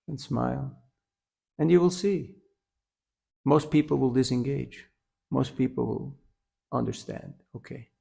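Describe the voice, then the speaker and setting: A man's voice: mid-range voice, creaky, slightly rough. A man giving a devotional class, telling a story with humor and often asking the listeners "huh?". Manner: lively storyteller, asks "huh?" often, laughs at own jokes. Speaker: temple lecturer.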